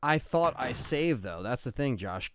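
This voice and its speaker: A man's voice: medium pitch, big pitch swings, a little slow, fairly bright tone, a little hiss or hum. A young man streaming a video game live, swearing freely and ranting to his chat in exasperation. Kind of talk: live gameplay stream commentary. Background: faint game music.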